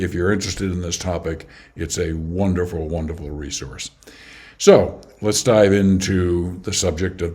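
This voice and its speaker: Deep-voiced man giving calm spiritual teaching. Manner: unhurried, emphatic, frequent "okay?" checks with listener. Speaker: host of a spiritual teaching channel. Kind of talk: reflective spoken commentary on quoted teachings.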